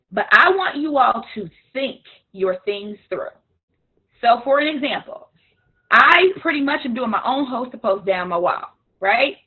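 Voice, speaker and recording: Woman coach, frank and animated, husky higher voice, phone-like sound. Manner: animated, frank, imitates others playfully. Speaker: business coach. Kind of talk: live coaching session. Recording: tinny phone-like line.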